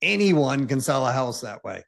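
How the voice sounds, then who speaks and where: A man's voice: mid-range voice, big pitch swings, moderate pace, gravelly, a bit bright. A man speaking as a guest in a casual interview, emphatic and full of fillers. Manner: emphatic, full of "like" and "you know".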